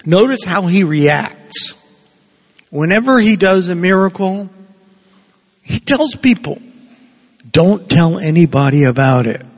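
A man's voice: fairly high pitch, big-room sound. A man preaching a sermon, telling the story in a conversational way and acting out the voices of the people in it.

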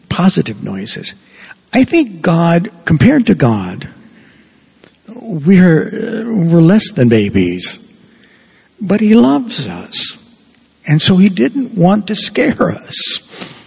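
A male preacher with a gravelly, very husky voice gives a slow sermon. He speaks earnestly, often sinking to a hushed tone. The sound rings with the long reverb of a large hall. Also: fairly high pitch. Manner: slow, earnest, drops to a soft hush for quoted words.

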